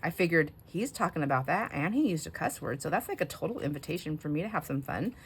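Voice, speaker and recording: A woman's voice: sits low, big pitch swings, fast talker, husky. A middle-aged woman hosting a craft video, chatting casually and telling a story as she works, laughing often and breaking off mid-sentence. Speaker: craft channel host. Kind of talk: casual chat while crafting.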